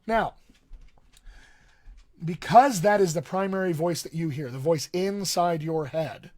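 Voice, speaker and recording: A man's voice: a little high, a little slow, a little mellow. Chatty man coaching voice and accents. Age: young adult. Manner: conversational, explains with analogies, addresses viewers directly. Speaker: dialect coach. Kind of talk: live-streamed voice lesson.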